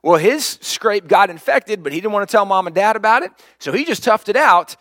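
A pastor preaching, telling a story with lively, acted-out quotes. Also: male voice, high voice, brisk, dry recording, studio quality. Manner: animated storyteller, acts out quoted lines. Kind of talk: sermon storytelling.

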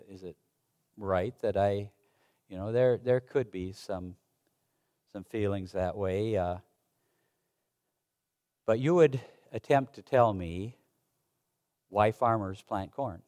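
In a mid-range voice, this male pastor delivers his sermon haltingly and conversationally, often starting sentences over. Part of it is old-fashioned scripture read aloud.

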